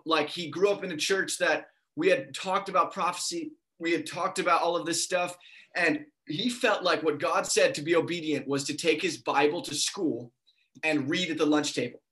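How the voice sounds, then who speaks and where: A young man preaching a sermon, telling a story with energy and acting out the quoted voices. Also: sits high. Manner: animated, acts out quoted voices.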